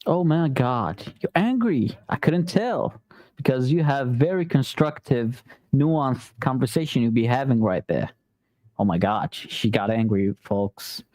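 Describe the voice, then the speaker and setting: A man with a warm, mellow voice gives casual, sarcastic reaction commentary. He talks loosely, as if to his regular viewers. The sound is close and dry. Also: mid-range voice, a little slow, no room sound. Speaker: commentary channel host.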